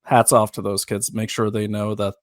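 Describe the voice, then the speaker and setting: A man's voice: on the low side, flat delivery, moderate pace. A man hosting a podcast in casual chat, with a dry joking manner. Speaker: podcast host.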